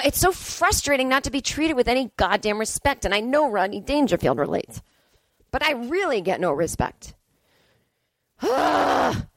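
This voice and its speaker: A woman's voice: on the high side, fairly bright tone, no echo. A middle-aged woman hosting a solo comedy podcast, rambling and swearing in a cranky, self-mocking way. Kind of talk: casual solo podcast monologue. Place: indoors.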